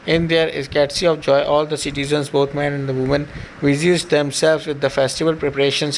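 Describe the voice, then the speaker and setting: Gravelly, monotone reciter. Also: male voice, a little high, slight background noise, poor audio. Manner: halting reading with restarts and fillers. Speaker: scripture reciter and teacher. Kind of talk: reading a scripture translation aloud.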